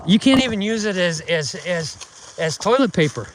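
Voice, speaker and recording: High-voiced man ranting profanely outdoors. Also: animated, moderate pace, noisy background. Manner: profane, mocking, indignant rant. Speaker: outdoors channel host. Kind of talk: casual ranting vlog. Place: outdoors in the woods.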